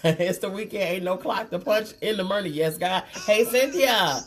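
A woman, hosting a casual makeup livestream and chatting warmly with viewers. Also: lowish voice, moderate pace. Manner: chatty, reads viewer comments aloud, calls them girl and honey. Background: faint Christmas music.

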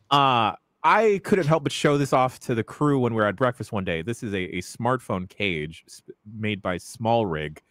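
A male podcast host chatting casually in an animated, jokey way, full of ums and uhs. His pitch swings widely and the sound is dry and close. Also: no echo. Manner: animated, jokey, rambling with fillers.

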